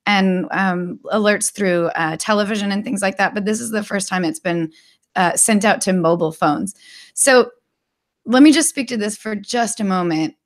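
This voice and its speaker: Woman calmly explaining on a podcast. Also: mid-range voice. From United States. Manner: explanatory, reassuring. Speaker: podcast co-host. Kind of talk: casual tech podcast chat.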